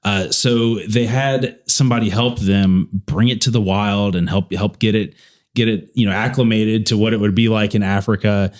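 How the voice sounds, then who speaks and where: A man's voice: fairly low pitch, moderate pace. Laughing, chatty male podcast host. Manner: animated storyteller, laughs often mid-sentence. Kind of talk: casual chat.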